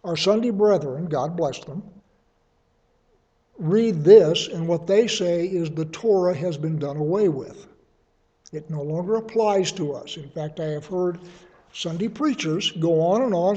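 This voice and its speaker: A man's voice: on the high side, unhurried, dark tone, highs cut off. A man giving a conversational sermon, explaining scripture verse by verse with everyday examples. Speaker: Bible teacher.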